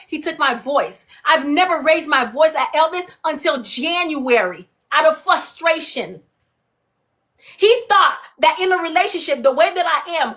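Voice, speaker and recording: A woman's voice: very high-pitched, bright, forceful tone. A woman from Florida making emphatic, repetitive accusations as a guest on a live stream. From Florida, USA. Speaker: guest, ex-partner.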